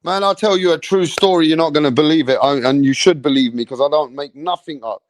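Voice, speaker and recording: High-voiced man telling rambling stories. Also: quick pace. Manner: animated, swears a lot, tags lines with "bruv". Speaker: live stream host. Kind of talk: rambling storytelling.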